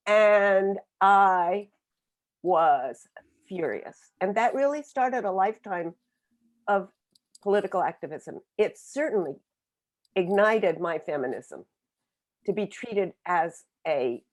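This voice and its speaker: Older woman, 70s, lowish voice, earnest reflective storyteller speaking on a video call. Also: lively intonation. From Oklahoma, USA. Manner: earnest, reflective, with frequent pauses and restarts. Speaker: book author speaking on a webinar. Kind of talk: personal storytelling.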